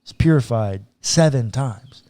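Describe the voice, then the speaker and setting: Unhurried and warm, this male pastor's medium-pitched voice moves with lively intonation. He talks through scripture on a podcast in a relaxed, earnest way, occasionally voicing what God might say, and there's no room sound.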